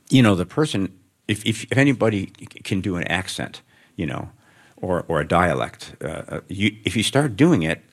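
Very deep-voiced man musing on stage. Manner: thoughtful, rambling, frequent restarts. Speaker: author. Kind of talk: live on-stage interview. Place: stage before student audience.

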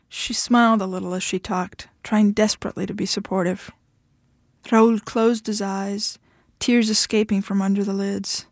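A woman author reading her short fiction aloud in a measured storytelling manner. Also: mid-range voice, little pitch movement, no room sound, clean studio sound.

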